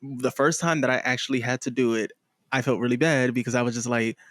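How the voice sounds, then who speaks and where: A man co-hosting a casual podcast, animated and profane, acting out quotes with big vocal swings. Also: fast talker, dry recording, clean studio sound. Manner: animated, swears freely, acts out quotes with big pitch leaps. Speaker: podcast co-host. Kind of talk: casual chat.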